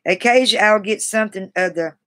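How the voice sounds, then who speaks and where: A woman's voice: mid-range voice, fairly bright tone. Chatty woman reading a grammar book aloud. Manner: halting, restarts words, self-deprecating and chatty. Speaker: writer live-streaming.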